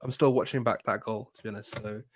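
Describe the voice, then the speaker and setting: A man's voice: lowish voice, fairly even intonation, fast talker, no echo, studio quality. A man on a football podcast panel, chatting casually and teasing the host.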